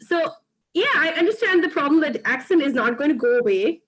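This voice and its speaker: A woman's voice: sits high, expressive, brisk, a bit bright, slight background noise, rough recording. A woman from India with an Indian accent and Urdu as her first language, a former English lecturer speaking frankly in a casual chat. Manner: articulate and frank, quotes others. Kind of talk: casual video-call chat.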